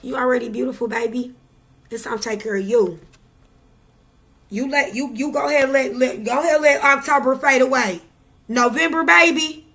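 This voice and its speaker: A woman speaks to camera in a casual vlog, giving the viewer a raw, preachy pep talk. Her voice sits high and sounds bright and clear. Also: moderate pace. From Midwest United States. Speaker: tarot reader vlogger.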